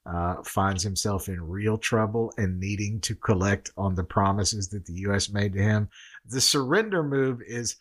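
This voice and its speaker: A man co-hosts a casual podcast and talks politics in a blunt, sarcastic way. His voice sits somewhat low for a man. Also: normal speed. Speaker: podcast co-host.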